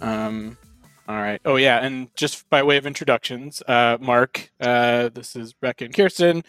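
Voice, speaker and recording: A young adult man hosting a casual podcast from a hotel room, relaxed and rambling, with plenty of fillers. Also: medium pitch, moderate pace, clear, resonant tone, no echo, soft background music. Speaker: podcast host.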